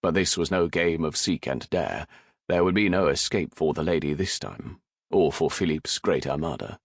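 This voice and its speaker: A man narrating a historical romance audiobook in a measured, dramatic reading. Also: a bass voice, husky, dry recording, clean studio sound. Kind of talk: scripted narration.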